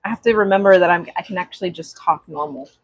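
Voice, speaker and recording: A young woman chatting on a craft livestream, greeting viewers with excited gasps. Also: fairly low pitch, fast talker, slightly rough, no echo, low-quality recording. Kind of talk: casual livestream chat. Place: craft workspace at home. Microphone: small clip-on mic.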